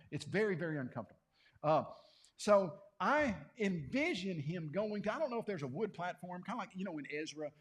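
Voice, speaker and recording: A man teaching a Bible class to a congregation, conversational and animated, often questioning his listeners. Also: a little high.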